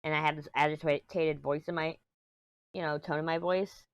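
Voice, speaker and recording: A woman with a fairly low voice talks in a casual, rambling vlog, sounding agitated and frustrated as she vents. She records alone in a small room at home. The sound is dry and close, with no room echo. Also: fairly even intonation, moderate pace, muffled recording. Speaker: crafting vlogger.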